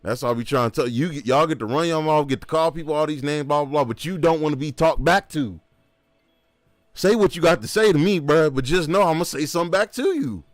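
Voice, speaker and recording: A man's voice: on the high side, fairly quick, dry recording, studio quality, soft background music. A man streaming a game who chats casually and rants with emphasis, full of slang and repeated asides. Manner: animated, emphatic ranting with slang. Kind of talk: casual livestream chat.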